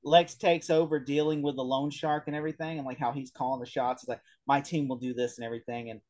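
A man's voice: on the high side, fast talker. A man co-hosting a casual podcast about a TV show, talking animatedly and acting out lines from scenes. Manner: animated, quotes characters in put-on voices. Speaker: podcast co-host. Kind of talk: casual chat.

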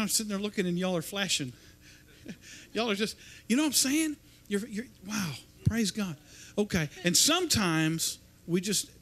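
A man's voice: high voice, a bit bright. A man preaching an informal sermon to a church congregation, rambling and often repeating and restarting his words. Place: church service.

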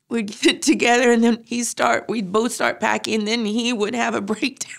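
Gravelly-voiced grieving middle-aged woman. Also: fairly high pitch, steady tone. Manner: halting, grief-stricken, frequent fillers. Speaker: grieving mother interviewee. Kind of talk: emotional personal testimony.

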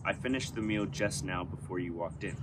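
A man voicing an old, trembling father who speaks gravely, in a scripture reading with street noise behind. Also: deep voice, fairly quick, natural voice.

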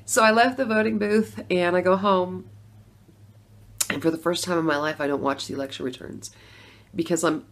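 Gravelly middle-aged woman telling her story. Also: fairly low pitch. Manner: chatty storytelling, laughs between lines, swings from hushed to loud. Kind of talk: personal testimonial vlog.

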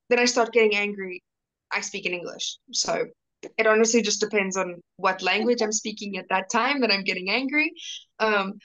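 A woman chatting as a guest in a casual conversation, lively and animated. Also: mid-range voice.

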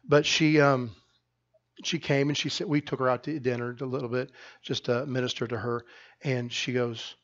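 A male pastor preaching a sermon in a church, telling stories in an animated way with frequent restarts. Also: mid-range voice, normal speed, dull audio. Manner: animated storytelling with many restarts. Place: church sanctuary.

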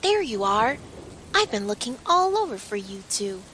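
A woman's voice: on the high side, sing-song, moderate pace, fairly bright tone, a little hiss or hum. A woman voicing a kind, cheerful middle-aged food cart man in a storybook reading, friendly and generous.

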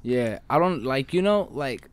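A man's voice: medium pitch, lively intonation, a little slow. A young man co-hosting a casual podcast, talking in a laid-back, slangy way with heavy swearing. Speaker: podcast co-host. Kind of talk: casual chat.

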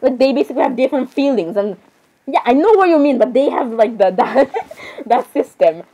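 A woman's voice: high-pitched, animated, fairly quick, dark tone, poor audio. A woman giving casual reaction commentary on videos, giggly and constantly saying sorry.

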